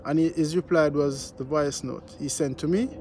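A Jamaican man gives a casual vlog commentary in a slightly high voice. He repeats his points and keeps checking in with "you know what I mean". Faint noise sits behind him. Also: fairly even intonation, moderate pace, dark tone. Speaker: news vlogger.

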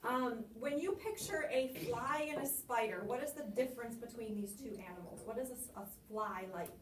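A woman's voice: on the high side, animated, fairly quick, roomy sound, far from the mic, a little hiss or hum. A woman teacher coaching a student on reciting a poem, encouraging and asking guiding questions.

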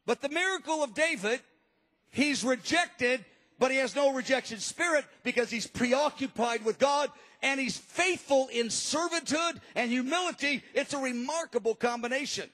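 A man preaching a sermon, telling the story in an animated, emphatic way. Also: extremely high pitch, normal speed. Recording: long reverb of a large hall.

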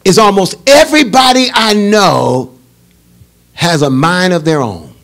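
A man, a bishop, leading a Bible study in a call-and-response preaching style that rises to shouts. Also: high voice, lively intonation, unhurried.

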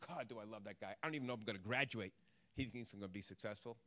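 A man's voice: fairly low pitch, rapid-fire, sharp tone, no echo, pitched below the performer's own voice. A man voicing a tough teenage boy who talks in a heartfelt, wondering way about a grown-up who believes in him. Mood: moved. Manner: wondering, heartfelt inner talk.

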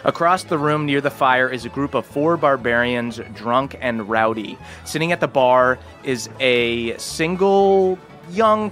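A man's voice: mid-range voice, a bit bright. A man narrating a tabletop game as game master in a casual, laughing manner.

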